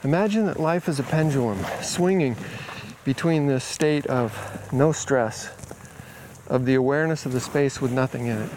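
Relaxed man telling a story outdoors. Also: mid-range voice, slight background noise. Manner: relaxed, retells conversations with quoted dialogue. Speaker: healing coach. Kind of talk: casual storytelling vlog.

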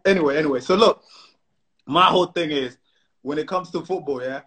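Give me a South London man with a fairly high voice, bantering casually on a phone. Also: brisk, a bit bright. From South London, England. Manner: playful banter, lots of "you know" and "man". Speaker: co-host. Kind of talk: casual chat on a live stream. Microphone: phone on a live video stream.

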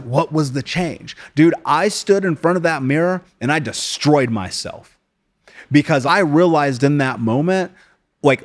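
Blunt, profane man telling his story. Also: mid-range voice. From United States. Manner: blunt and profane, calls people dude. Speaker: podcast guest. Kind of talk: casual interview storytelling.

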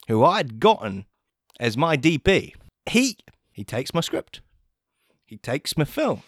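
A man spins a rambling comic story and swears freely as he goes. His voice is bright and crisp, and his pitch leaps around as he tells it. He is recorded close, with a dry sound. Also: no echo. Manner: profane, rambling, animated. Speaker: comedy podcast host.

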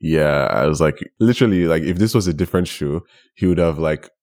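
A man co-hosting a casual podcast chat, relaxed and laughing easily. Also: a bass voice, a little fast. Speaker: podcast co-host.

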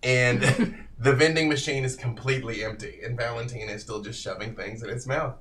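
Bright-voiced male game master. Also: mid-range voice, brisk. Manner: casual, laughing, descriptive. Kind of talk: narrating a tabletop game.

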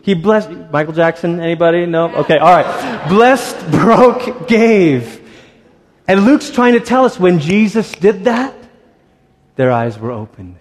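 A man preaching a sermon in a church, talking in a conversational, animated storytelling way with quick asides. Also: fairly high pitch. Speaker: pastor. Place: church sanctuary. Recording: reverberant church hall.

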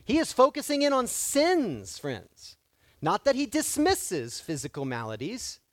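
A man preaching a sermon as pastor, swinging between loud emphatic declarations and quiet asides, with repeated direct exhortations to his congregation. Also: fairly high pitch, no room sound.

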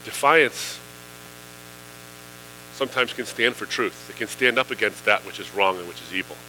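A man's voice: lowish voice, moderate pace, sharp tone, slight background noise, low-quality recording. A man preaching a sermon in a conversational way, with fillers, building to emphatic questions. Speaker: pastor.

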